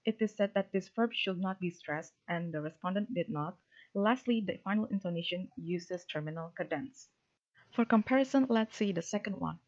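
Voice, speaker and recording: A woman with a lowish voice reads a prepared research presentation. She keeps an even, formal delivery and drops in the odd filler. The recording is dull and lo-fi. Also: moderate pace. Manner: steady, formal reading with a few fillers. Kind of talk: reading a prepared academic presentation.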